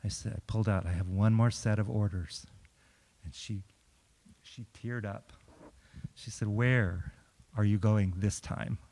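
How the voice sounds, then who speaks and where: A man's voice: fairly low pitch, unhurried, long pauses. A middle-aged man, a chaplain, telling humorous stories to a congregation, acting out quotes and laughing often. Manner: lively storyteller, acts out quotes and laughs often. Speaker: chaplain speaking at a church. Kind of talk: humorous storytelling talk to a congregation. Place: large church hall. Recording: long hall reverb.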